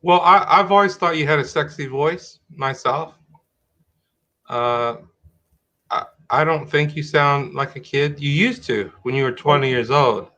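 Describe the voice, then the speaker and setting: A man's voice: on the high side, measured pace, sharp tone. A middle-aged man hosting a live-streamed talk show in casual chat, rambling and restarting his sentences as he thinks aloud.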